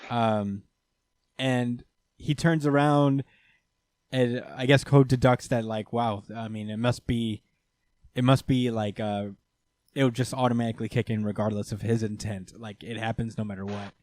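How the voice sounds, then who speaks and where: In a dry, studio-quality recording, a man talks at normal speed with a steady, darkish, medium-pitched voice. A podcast co-host, he offers a casual, rambling recap of an anime episode with lots of fillers.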